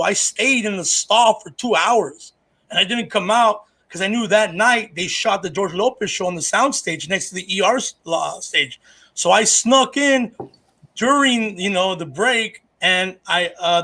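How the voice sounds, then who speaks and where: Comedian guy with a high voice, rambling casual stories, swears a lot, keeps restarting. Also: sharp tone. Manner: rambling, profane, with many restarts. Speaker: comedian podcast co-host. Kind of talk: casual storytelling chat.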